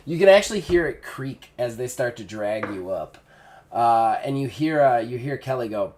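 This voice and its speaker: A man's voice: mid-range voice, animated, darkish tone. Man narrating as game master, loose and rambling. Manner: loose, rambling narration with many fillers and quick character voices.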